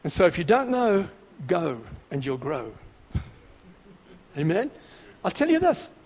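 A man preaching a sermon, exhorting in short emphatic repeated phrases that grow louder and more excited. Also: sits high, slow, slightly rough, in a large hall.

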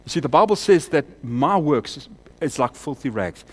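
His expressive mid-range voice moves at a moderate pace as he preaches in a church. He builds to loud emphatic peaks and then sinks into quiet, close appeals.

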